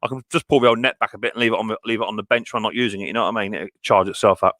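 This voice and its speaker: A man's voice: on the low side, fairly even intonation, rapid-fire, a bit bright, no echo, studio quality. A man hosting a live stream. He greets viewers one by one by name in a casual style, with many fillers, and calls them mate and buddy boy. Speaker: mower channel host.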